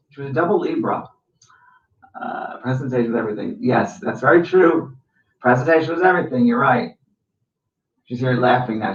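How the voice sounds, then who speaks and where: A middle-aged man hosting as a psychic medium, reading viewer comments aloud and affirming them in a chatty way before telling a story. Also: mid-range voice. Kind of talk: live stream reading comments. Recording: echoey, distant, dull sound.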